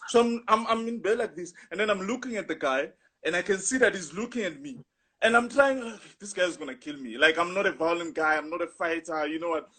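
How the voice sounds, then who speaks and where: A young man with a husky voice, animatedly telling a rambling story in casual chat, full of "you know". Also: high voice, a little fast, pushed and bright. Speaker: guest storyteller.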